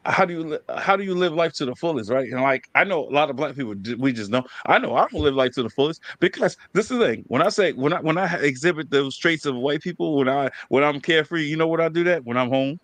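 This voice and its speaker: Casting note: young male podcast host, pitched a bit high, lively swings in his voice, dry close sound. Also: fast talker, hardly any pauses, no echo. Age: 20s. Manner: animated storytelling, acts out quoted voices. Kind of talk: casual podcast chat.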